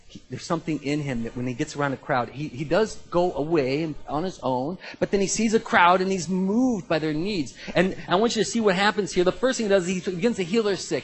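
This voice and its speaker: A man preaching a sermon in a conversational, animated way, with sudden jumps in pitch and loudness. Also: rough recording. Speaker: pastor.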